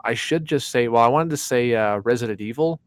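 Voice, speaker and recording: A man's voice: mid-range voice, fairly quick, clean tone, no room sound, clean studio sound. A man co-hosting a casual podcast, talking loosely, swearing freely and acting out lines from movies. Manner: animated, swears freely, acts out quotes. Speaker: podcast co-host. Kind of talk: casual chat.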